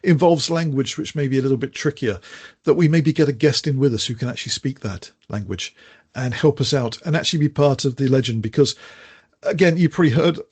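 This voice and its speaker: A husky older man chatting on a podcast, joking and hesitating with plenty of restarts. His voice sits at an ordinary pitch and sounds relaxed. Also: fairly quick. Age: older adult. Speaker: podcast co-host. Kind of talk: casual podcast chat.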